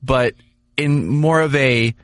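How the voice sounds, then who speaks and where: A man co-hosting a sports podcast, talking casually and at length with lots of restarts and animated asides. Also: mid-range voice, slow pace, no room sound, clean studio sound. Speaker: podcast co-host, hockey writer.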